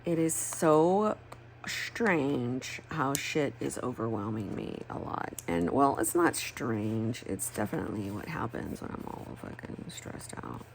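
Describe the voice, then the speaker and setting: Low gravelly lady rambling about her planners, cusses a lot, bit of room hiss. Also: expressive, takes it slowly. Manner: candid, rambling, swears freely. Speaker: planner crafting vlogger. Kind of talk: casual chat while crafting.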